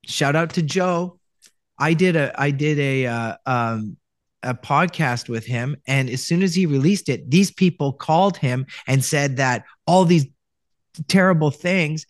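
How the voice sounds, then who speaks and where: A man's voice: fairly high pitch, unhurried, no echo. Canadian man telling his story, dry room. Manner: rambling, many restarts, acts out quoted lines. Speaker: voice actor guest. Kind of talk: casual interview storytelling.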